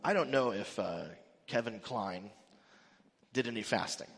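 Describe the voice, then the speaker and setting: With a fairly low, gravelly, husky voice that still sounds fairly bright, a male pastor preaches at a measured pace. He's conversational and emphatic, acting out the quotes he offers, while the church sanctuary's hall adds echo and long reverb.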